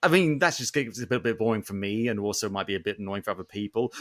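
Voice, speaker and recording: Lively male podcast host. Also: lowish voice, fast, no room sound, studio quality. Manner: animated, laughs often, slips into silly character voices. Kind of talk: casual chat. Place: home podcast setup.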